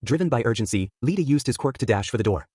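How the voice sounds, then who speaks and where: Man narrating a fan story briskly. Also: mid-range voice, expressive, a little mellow, husky, dry recording, clean studio sound. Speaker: fan fiction reader.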